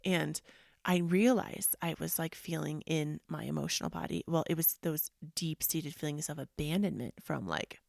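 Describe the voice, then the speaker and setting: A woman hosting a yoga and self-help talk, speaking earnestly and emphatically in a casual motivational style, sometimes dropping into soft, whispery asides. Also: sits low, moderate pace, gravelly, no echo, studio quality. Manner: earnest and emphatic, with frequent "like" and "freaking".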